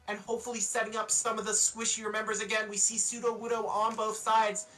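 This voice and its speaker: A commentator from Eastern Canada, calling a live competitive match with energetic play-by-play. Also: male voice, sits high. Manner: energetic, excitable calls. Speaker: esports commentator. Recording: music bed, distant from mic.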